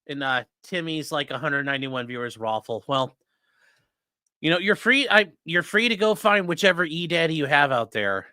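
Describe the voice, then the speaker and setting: A man's voice: on the high side, lively intonation, normal speed, pushed and bright, no room sound, clean studio sound. A man giving casual, profane live-stream commentary on a trial as a defense attorney, chatting with his viewers. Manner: profane, chatty, talks to chat and his dog.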